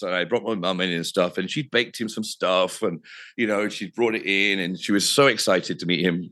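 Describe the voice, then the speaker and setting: A man's voice: on the low side, bright, forceful tone. A man, a radio presenter telling anecdotes casually, swearing freely and laughing at himself. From England.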